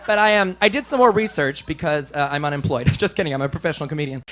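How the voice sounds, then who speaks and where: A male stand-up comedian performing for a live club audience, animated and self-deprecating, often slipping into silly voices. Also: on the high side, fast talker, slight background noise.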